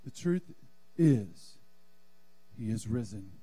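A man's voice: on the low side, animated, takes it slowly, dark tone, husky, no echo. A male pastor preaching a sermon in a church sanctuary, fervent and calling on the congregation to answer back.

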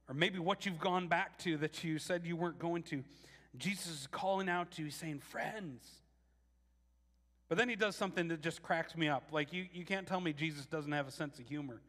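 A man preaching a casual, animated sermon, restarting phrases often and acting out quotes. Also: fairly high pitch, big-room sound. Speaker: pastor.

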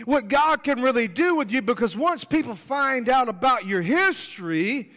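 A man preaching at a revival, fervent and insistent, stacking phrases for emphasis. His high, bright voice swings up and down with energy. The sound rings with a long reverb from a large church hall. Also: expressive, normal speed, few pauses. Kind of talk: revival sermon. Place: church sanctuary.

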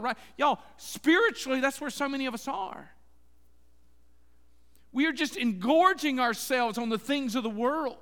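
Man, pastor preaching, high voice, long reverb. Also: animated, normal speed, fairly bright tone, smooth. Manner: folksy and conversational, addressing the congregation as y'all. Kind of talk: sermon.

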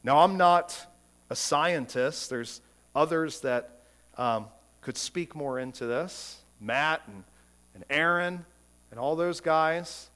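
A male pastor delivers a sermon in a fairly high voice, taking his time over each phrase. He preaches emphatically, asking rhetorical questions and stumbling over repeated words as he builds his point. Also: slow, fairly bright tone.

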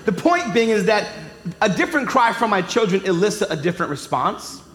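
High-voiced preacher in an echoey hall. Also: male voice, very animated, a little fast, fairly bright tone, slight background noise. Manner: emphatic preaching, joking asides. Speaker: pastor. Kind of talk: sermon. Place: large church hall. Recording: echoey hall, long reverb.

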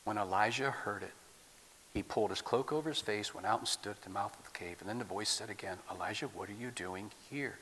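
A man from the Midwest preaching a sermon as a guest pastor, swinging from loud declaiming to soft near-whispers, in a church. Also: lowish voice, brisk, a little hiss or hum. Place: church sanctuary. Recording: long hall reverb.

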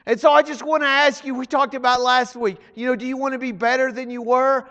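High-voiced preacher in a reverberant church. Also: male voice, fairly even intonation, fairly quick, hardly any pauses, dull audio. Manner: swings from hushed to shouted, dramatic emphasis. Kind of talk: sermon. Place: church hall. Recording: long hall reverb.

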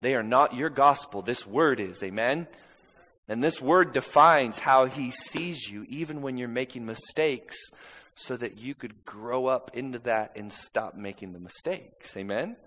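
A man's voice: medium pitch, a little slow, bright, forceful tone, long reverb tail, low-quality recording. A man preaching a sermon in a church, impassioned and conversational, often checking in with "amen?". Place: church sanctuary.

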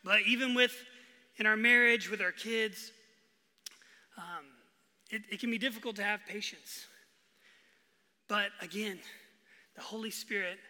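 A young man delivers a sermon in a high, very bright voice, acting out everyday stories with lots of energy. The sound carries the long reverb of a large hall. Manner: animated storytelling, acting out his own frustration loudly. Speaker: pastor.

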